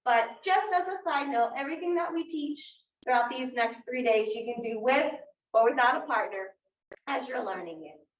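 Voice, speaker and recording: A high-voiced woman gives upbeat, clear instructions in a dance class. She is heard from a distance in an echoey room. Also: expressive, normal speed. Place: dance studio. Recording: roomy, distant sound.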